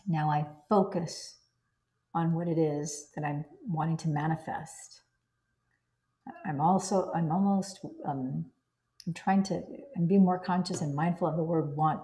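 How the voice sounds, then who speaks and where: A woman's voice: on the low side, dark tone. A woman reading a self-help book aloud and breaking off into enthusiastic personal commentary. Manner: enthusiastic, exclaims and digresses.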